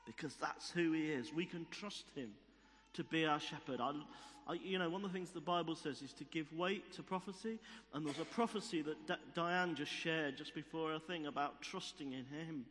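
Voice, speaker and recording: A man's voice: on the high side, a bit bright. A man preaching a sermon, telling stories and repeating key phrases for emphasis. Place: church hall. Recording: long reverb of a church hall.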